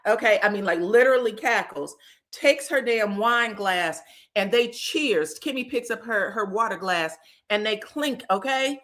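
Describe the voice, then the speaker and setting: A woman's voice: a little high, measured pace. A woman hosting a casual livestream recap of a reality show, telling the drama in a sassy, slangy, profane way and acting out what people said. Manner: acts out quotes with lively voices.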